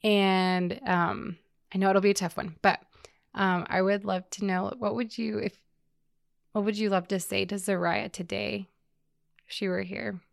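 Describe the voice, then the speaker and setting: A young woman hosting an interview, asking questions gently and with empathy, with many "like" fillers. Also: mid-range voice, little pitch movement, measured pace, vocal fry, no room sound, studio quality. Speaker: podcast host. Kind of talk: interview conversation.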